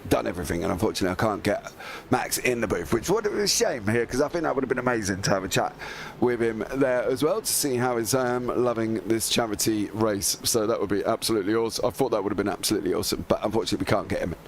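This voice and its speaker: A man's voice: fairly low pitch, quick pace, gravelly, a little hiss or hum. A man giving rambling, chatty live commentary on a charity sim race. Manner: rambling, chatty, many fillers.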